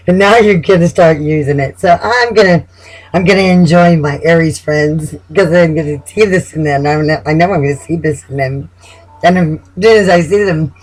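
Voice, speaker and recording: Tarot reader, relaxed monologue, giggly and talkative, middle pitch, thinks out loud. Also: poor audio. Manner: chatty, laughs often, amused; repeats words and restarts while thinking. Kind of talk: casual spoken tarot reading.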